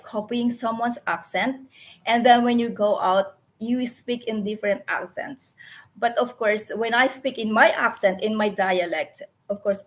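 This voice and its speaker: Woman, Filipino accent, unhurried delivery, hesitant and self-correcting, casual to-camera vlog. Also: medium pitch. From Philippines. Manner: hesitant, searching for words with many restarts. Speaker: vlogger.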